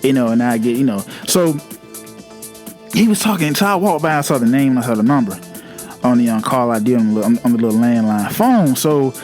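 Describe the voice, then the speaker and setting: A man telling a funny personal work story in a rambling, animated way, often restarting sentences. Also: mid-range voice, fairly quick, faint music behind. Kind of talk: casual comic storytelling.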